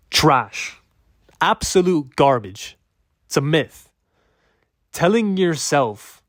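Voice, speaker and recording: A man's voice: medium pitch, dry recording, studio quality. Blunt, slangy male productivity coach. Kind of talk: casual talking-head advice.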